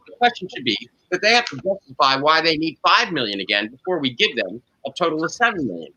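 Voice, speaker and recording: A man's voice: a little high, big pitch swings, quick pace, few pauses, pushed and bright, slightly rough, no room sound, dull audio. A man hosting a panel discussion, probing the guests and restating their positions. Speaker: panel show host.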